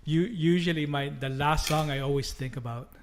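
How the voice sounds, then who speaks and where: A man's voice: a little high, moderate pace, a crowd in the background. A man, a DJ guest on a podcast, telling old club stories in casual chat, laughing often, swearing freely and restarting sentences. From Canada.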